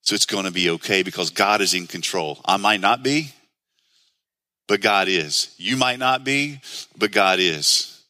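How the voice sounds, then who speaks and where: A man's voice: lowish voice, animated, unhurried, bright, forceful tone, no echo. A man preaching a sermon in an earnest, conversational way, asking the listeners many questions. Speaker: pastor.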